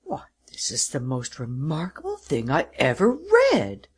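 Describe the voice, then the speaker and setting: Read by an audiobook narrator, a calm senior lawyer lays out the facts in a deliberate, measured way. He is steady and authoritative. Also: mid-range voice, natural voice. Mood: surprised. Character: composed senior male lawyer. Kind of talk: audiobook character reading.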